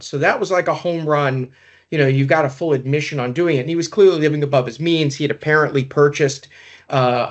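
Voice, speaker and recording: Rambling man telling war stories. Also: a little high. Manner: rambling, many "you know" fillers. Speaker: podcast host, former investigator. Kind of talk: casual conversational storytelling.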